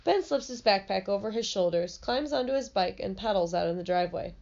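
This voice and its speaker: A woman's voice: medium pitch, animated, a little fast, creaky, a little mellow, dull audio. Woman reading a children's book aloud. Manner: explains ideas plainly for children. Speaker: storybook reader.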